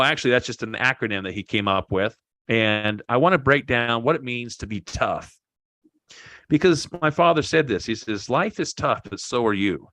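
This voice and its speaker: A man's voice: lowish voice, pushed and bright, no room sound. A man giving a motivational talk to an online group, emphatic, repeating key phrases and joking with his listeners. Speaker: motivational speaker.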